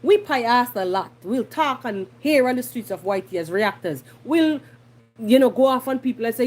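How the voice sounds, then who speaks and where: A Jamaican woman talks with a slightly husky, higher-pitched voice that swings up and down. She hosts her own podcast in blunt, animated commentary and slips easily into patois. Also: normal speed. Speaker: podcast host. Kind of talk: casual commentary monologue.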